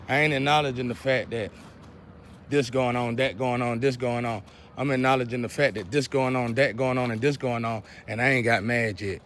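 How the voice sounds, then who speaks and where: A man, lecturing and scolding his viewers in a preachy monologue, often clearing his throat. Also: medium pitch, a bit bright, a little hiss or hum. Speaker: vlogger.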